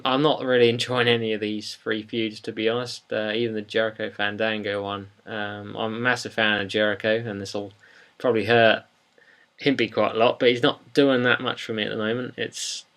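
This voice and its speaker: A man's voice: lowish voice, level tone, moderate pace, a bit bright. A young man co-hosting a wrestling podcast in casual chat, rambling and hesitant, with many ums. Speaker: podcast co-host.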